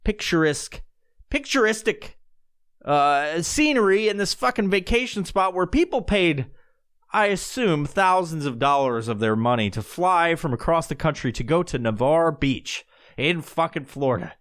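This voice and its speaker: A man's voice: on the high side, lively intonation, normal speed, fairly bright tone. A man, telling a rambling, profane, laugh-filled story as a podcast host. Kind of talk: casual storytelling.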